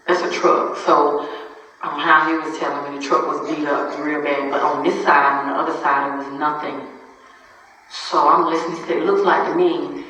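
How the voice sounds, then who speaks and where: A grieving mother in her forties giving a halting, repetitive account in a church, acting out the dialogue of the people she talked to. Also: sits low, a bit bright, a little hiss or hum. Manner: halting, repeats herself, speaks out quoted dialogue. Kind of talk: emotional spoken testimony. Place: church hall. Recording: echoey hall, distant, dull sound.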